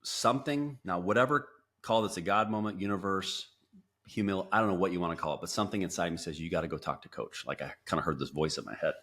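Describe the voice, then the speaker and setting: A man with a very deep voice tells his story as a podcast guest. He talks in bursts full of restarts and acts out his own past quotes. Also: quick pace, a bit bright. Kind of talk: storytelling interview.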